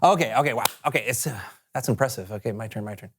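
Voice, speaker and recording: A man's voice: medium pitch, fast talker, background noise. A man trading jokes in a kids' show guessing game, playful and easygoing.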